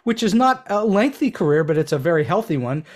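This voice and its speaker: A male podcast host interviewing a guest. His voice sits a little high, and his long questions come across as affable. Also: very animated, a little fast, a little mellow.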